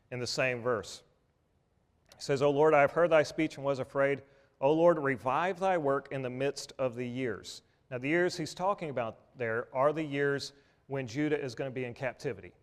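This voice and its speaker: Folksy man preaching a conversational sermon. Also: mid-range voice. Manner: folksy, repeats words and restarts, chuckles at times.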